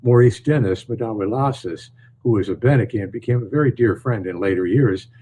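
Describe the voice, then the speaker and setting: An older man from northern New York, a storyteller answering interview questions in a calm, measured way. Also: fairly low pitch, slight background noise, low-quality recording. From northern New York, USA. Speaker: storyteller and author, guest. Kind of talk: podcast interview.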